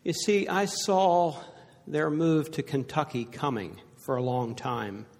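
An older pastor preaches to a congregation in a church sanctuary, his voice a little high, slow and gravelly, with echoey hall reverb. He tells stories earnestly and drops to a hush at the sad points.

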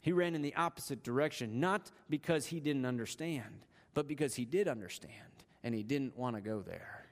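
A man's voice: mid-range voice, lively intonation, moderate pace, few pauses. A man preaching a sermon, retelling a story with dramatic shifts in pace and emphasis. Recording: long hall reverb.

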